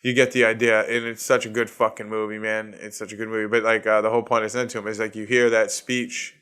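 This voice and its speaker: A man's voice: lowish voice, little pitch movement, fast talker, fairly bright tone, clean tone. A man in his thirties with a Boston accent, hosting his own comedy podcast in a profane, ranting solo monologue and laughing at his own jokes. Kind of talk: casual solo podcast rant.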